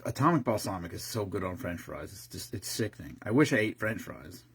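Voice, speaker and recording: Rambling, husky man in his fifties. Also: fairly low pitch, lively intonation, fairly quick. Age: 50s. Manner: rambling and profane, with frequent restarts. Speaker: streamer host. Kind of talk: casual chat.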